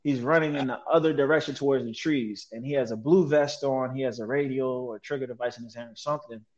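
A man telling a story as a guest in an interview, animated and slangy, mimicking sounds as he relives events. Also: mid-range voice, fast, lo-fi sound. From United States. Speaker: guest, military veteran.

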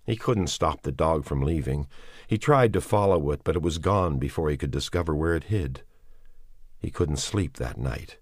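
Male audiobook narrator, extremely deep voice, measured and expressive, dry close sound. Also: no echo. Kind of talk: dramatic audiobook reading.

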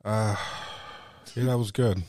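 A man's voice: lowish voice, fairly even intonation, slow pace, mellow, no room sound. A man chatting casually on a podcast, laid-back and swearing freely.

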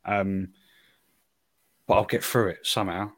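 A man's voice: deep voice, fairly even intonation, unhurried. A young man from England, a podcast co-host, talking in a gushing, emotional way and repeating himself. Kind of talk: casual chat.

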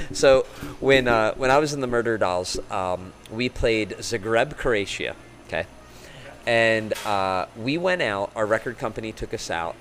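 A middle-aged man telling a long, animated road story as a guest, acting out other people's voices and laughing often. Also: fairly low pitch, slight background noise, low-quality recording. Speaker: musician guest. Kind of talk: casual storytelling.

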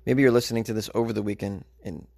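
A man's voice: lowish voice, fairly even intonation, fast, gravelly, mellow. A man hosting a podcast, giving comic commentary on a news story in a rambling, self-mocking, joking way. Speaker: podcast host.

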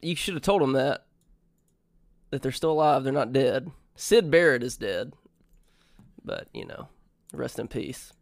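A man co-hosting a casual podcast, reacting quickly and chatting. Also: mid-range voice, wildly swooping pitch, gravelly, dry recording, studio quality. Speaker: podcast co-host.

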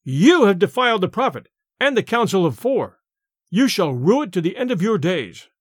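A man's voice: high-pitched, animated, brisk, dry recording, clean studio sound. A man voicing a self-righteous young male churchman in a storybook reading. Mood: threatening.

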